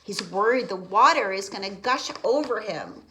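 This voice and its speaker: A woman's voice: medium pitch, expressive, normal speed, a bit bright, a little hiss or hum, poor audio. A woman reading a picture book aloud to preschoolers, explaining words and asking questions. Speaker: preschool story reader. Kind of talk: children's read-aloud lesson.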